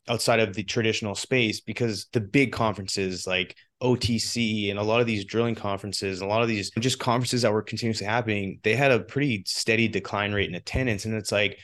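A man from Canada talks casually as a podcast guest, his voice sitting on the low side. He tells his stories with animation and keeps stopping to restart his sentences. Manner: animated storytelling with frequent restarts. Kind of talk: casual conversation.

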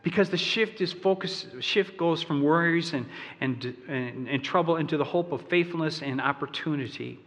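A man's voice: a little high, normal speed, a bit bright. A male pastor preaching a sermon, talking in a loose, conversational way with fillers and asides, and leading his congregation in song. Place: church sanctuary. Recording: long church reverb.

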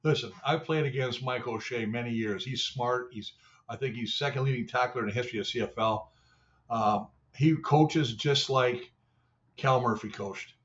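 A man's voice: medium pitch, moderate pace, fairly bright tone, lo-fi sound. An older man, a former player and show analyst, telling rambling, salty stories in casual sports talk. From Canada. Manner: rambling, salty storytelling with mimicry.

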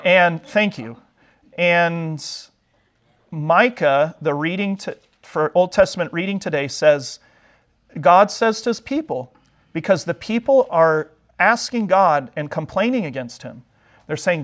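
Man, fairly high voice, Sunday school teacher, chatty and joking as he retells scripture. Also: lively intonation, measured pace, a bit bright. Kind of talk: Bible lesson storytelling.

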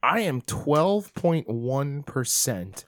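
A man's voice: medium pitch, big pitch swings, drawn-out words, no room sound. A man co-hosting a casual podcast chat, rambling a little and laughing between lines. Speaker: podcast co-host.

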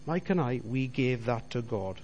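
A man's voice: medium pitch, lively intonation, moderate pace, darkish tone. A middle-aged man giving a personal faith testimony, telling his story earnestly and appealing directly to his listeners. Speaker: Christian businessman giving testimony.

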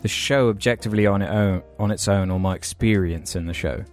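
A young man with a fairly low voice who chats loosely with his friends on a podcast and keeps nudging the talk back on track. Faint music plays softly behind him. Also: fairly quick. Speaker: podcast co-host. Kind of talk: casual chat among friends.

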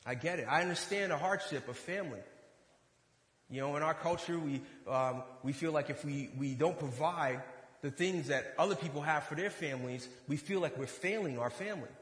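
A man preaching a sermon, telling a personal story and acting out the dialogue with lively energy. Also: fairly high pitch, fairly quick, reverberant, long reverb tail. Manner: animated storytelling, acts out dialogue. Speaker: pastor.

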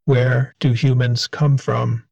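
A man voicing a cold, monotone, machine-like being that slowly repeats commanding questions in an audiobook. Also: mid-range voice, creaky, no room sound, muffled recording. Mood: flat commanding. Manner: slow, flat, insistent questioning. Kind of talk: audiobook character voice.

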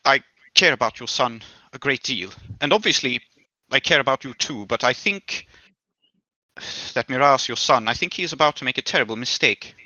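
A man role-playing a polite, scheming gentleman in a tabletop game, speaking formally with hesitant restarts. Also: mid-range voice, lively intonation, moderate pace, no echo, dull audio. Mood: persuasive. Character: polite, scheming man making a grave request.

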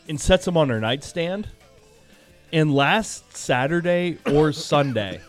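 A man hosting a podcast, telling stories in casual chat, laid-back and freely swearing. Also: on the high side. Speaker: podcast host.

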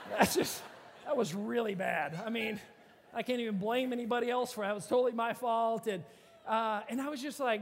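A pastor tells stories from the pulpit, his voice pitched unusually high for a man. He talks in a loose, animated, conversational way, full of "like"s. The sound rings out with a long reverb, as from a large hall. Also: a little fast. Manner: animated, conversational, many filler "like"s. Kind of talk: storytelling sermon.

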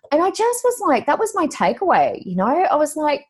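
An Australian woman, a psychic medium and podcast co-host, chatting casually and telling animated stories with high-pitched exclamations. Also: fairly quick, few pauses. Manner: animated storyteller, acts out quotes with high exclamations. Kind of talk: casual chat.

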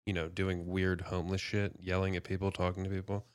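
A man's voice: low-pitched, completely flat delivery, a little fast, clean tone, dry recording, studio quality. A man in a casual podcast chat, laid-back and laughing easily, swearing casually.

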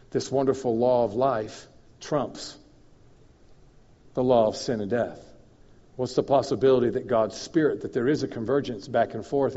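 Animated man preaching in an echoey hall. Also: mid-range voice. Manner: animated storyteller, chuckles, mouth sound effects. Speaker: guest minister. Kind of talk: sermon with personal storytelling. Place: church meeting hall. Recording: dull echoey church hall recording.

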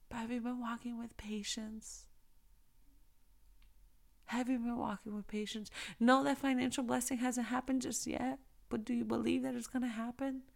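A woman giving a casual Christian devotional talk to other women, encouraging and preachy, who slows down to stress key phrases and talks straight to her listeners. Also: fairly high pitch, creaky, darkish tone.

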